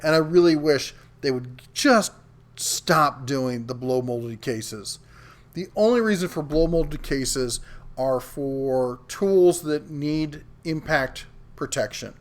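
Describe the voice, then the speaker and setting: A man's voice: a little high, takes it slowly. A middle-aged man hosting a live tool show, chatting casually and reading viewer comments aloud with frequent ums. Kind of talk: casual livestream chat.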